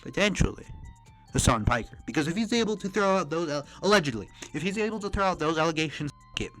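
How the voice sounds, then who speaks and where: A man's voice: mid-range voice, a bit bright, poor audio. A man streaming a reaction, ranting with heavy profanity and mocking the people he criticizes.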